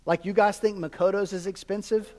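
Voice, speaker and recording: A man's voice: sits high, steady tone, brisk, a little mellow. A man preaching a sermon as a pastor, conversational with jokes and asides to the congregation. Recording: long hall reverb.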